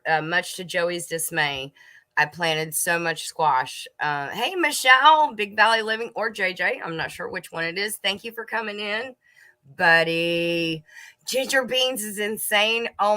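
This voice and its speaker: Bright-voiced chatty homestead host woman. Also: lowish voice, a little slow. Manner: chatty, laughs and munches while talking to viewers. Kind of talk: casual livestream chat.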